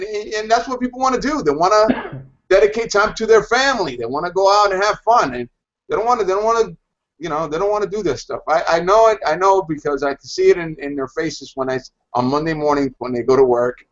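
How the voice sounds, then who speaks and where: A man giving an enthusiastic sales pitch on a video call, talking in fired-up bursts with lots of stammered restarts. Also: a bit bright. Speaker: hangout participant. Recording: dull lo-fi video call audio.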